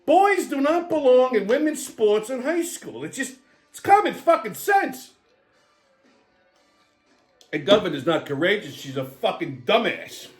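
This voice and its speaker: A man in his seventies, host of his own show, who rants and tells stories in a loud, animated way and swears constantly. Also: high-pitched, a little slow, long pauses, roomy sound, soft background music. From New England. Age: 70s. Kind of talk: profane political rant and storytelling.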